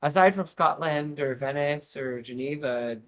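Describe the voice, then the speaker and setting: A man's voice: a little high, a little slow, a bit bright. Curious man prompting with questions. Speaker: interviewer. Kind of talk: casual interview questions.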